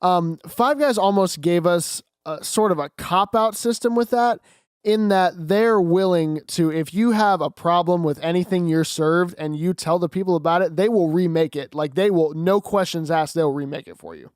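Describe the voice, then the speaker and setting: Smooth high-voiced teen guy. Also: normal speed, dry recording, studio quality. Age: teens. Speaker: podcast co-host. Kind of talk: casual chat.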